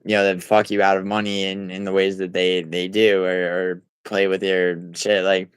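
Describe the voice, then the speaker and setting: Streamer guy, lowish smooth voice, casual rambling chat with chat callouts, salty language. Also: flat delivery, moderate pace, no room sound, low-quality recording. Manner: rambling, many fillers and restarts, swearing; talks back to chat viewers. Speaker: livestream host. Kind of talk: casual livestream chat, reading chat.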